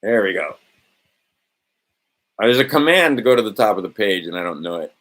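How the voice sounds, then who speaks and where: A man's voice: fairly low pitch, animated, fairly quick, a bit bright. A man hosting a livestream, rambling casually and bluntly, sometimes swearing and talking to himself as he scrolls through documents. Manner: meandering, talks to himself while scrolling documents. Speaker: livestream host.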